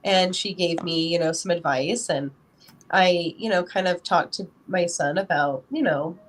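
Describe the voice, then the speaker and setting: A woman's voice: fairly low pitch, measured pace, slight background noise. A woman guest on a podcast, talking casually as a parent and filling her speech with lots of "you know". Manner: rambling, full of "you know" fillers. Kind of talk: casual interview talk.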